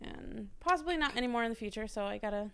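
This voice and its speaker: A woman's voice: a little high, animated, quick pace, fairly bright tone, clear, resonant tone. A woman guest on a podcast, chatting casually in loose, hesitant phrases. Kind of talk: casual chat.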